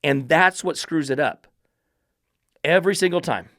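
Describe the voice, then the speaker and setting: A man's voice: moderate pace, fairly bright tone, no room sound. Blunt, profane man with a dry close sound. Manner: blunt, combative and profane, mocking falsetto baby talk. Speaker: dog trainer and podcast host. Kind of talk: opinionated podcast commentary.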